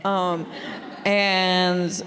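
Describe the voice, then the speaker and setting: An author guest chatting loosely in a live interview, laughing often and full of fillers. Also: female voice, fairly low pitch, level tone, drawn-out words, fairly bright tone. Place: library hall before a live audience. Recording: long reverb of a large hall.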